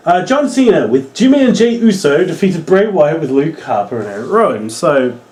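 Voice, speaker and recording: Young English guy, Norwich accent, rambling wrestling reviewer; lively, swinging pitch, a touch higher than most men. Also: normal speed. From England. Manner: rambling, excitable, swears, mocks wrestlers in silly voices. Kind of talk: casual video review.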